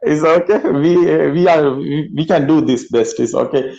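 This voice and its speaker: A man's voice: a little high, normal speed, gravelly, a little mellow, muffled recording. A man hosting an online meeting, speaking casually with many fillers and frequent laughs. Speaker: meeting host. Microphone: video call.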